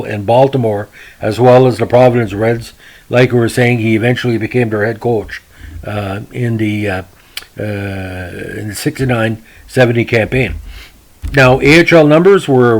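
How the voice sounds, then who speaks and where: A man hosting a hockey history podcast alone, in an ordinary mid-pitched voice. He rambles in a folksy way, and his sentences fill up with fillers and restarts. He keeps turning to his audience with old-fashioned announcer phrases. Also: poor audio. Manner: folksy, repeats "ladies and gentlemen", many fillers and restarts. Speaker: podcast host.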